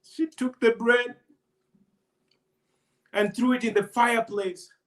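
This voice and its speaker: A male storyteller narrating a folk tale with unhurried, deliberate pacing. He repeats phrases for rhythm and puts questions to his audience. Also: very high voice, fairly even intonation, fairly bright tone. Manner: repetitive, call-and-response delivery.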